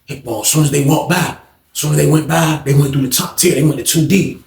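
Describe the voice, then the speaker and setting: Male storyteller, high and gravelly, animated slang delivery, echoey room. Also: fast. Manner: animated, acts out voices of others, slangy. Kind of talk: casual storytelling.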